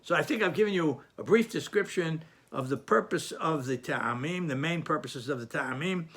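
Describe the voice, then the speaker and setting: A man's voice: on the high side, normal speed, fairly bright tone. A man teaching a lesson, patient and explanatory, often repeating and restarting phrases. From Sephardic Jewish community.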